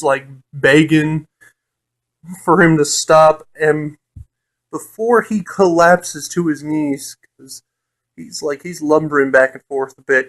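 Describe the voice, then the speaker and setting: A man's voice: a little high, a bit bright. A man casually recounting a tabletop game session, laughing often and swearing freely, with lots of fillers. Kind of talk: casual storytelling.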